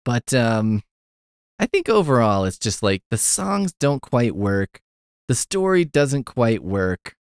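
A man's voice: mid-range voice, sing-song, slow pace, clean tone, dry recording, studio quality. A man hosting a podcast, giving a rambling, profane, wry casual review of a film. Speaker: podcast host.

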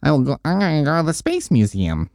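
A man's voice: a little high, wildly swooping pitch, fairly quick, gravelly, darkish tone, no room sound, clean studio sound, voice pushed up, heavily acted. A man putting on the voice of a nerdy, awkward young man.

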